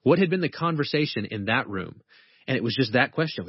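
A man, a professor and author, talking earnestly about faith and quoting scripture slowly and deliberately. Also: medium pitch, expressive, husky, no room sound, muffled recording. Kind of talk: conversational teaching on faith.

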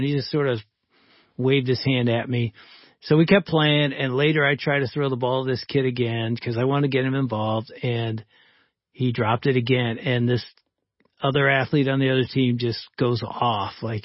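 A man's voice: medium pitch, normal speed, dry recording, dull audio. Male podcast host telling a story. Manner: lively storyteller who acts out quoted dialogue. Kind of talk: storytelling in a casual faith-based talk.

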